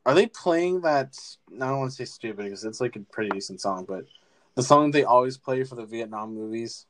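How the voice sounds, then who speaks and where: A young man co-hosting a movie podcast, retelling scenes in a rambling, profane, animated way. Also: medium pitch, fairly quick. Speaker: podcast co-host. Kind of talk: casual movie-review chat.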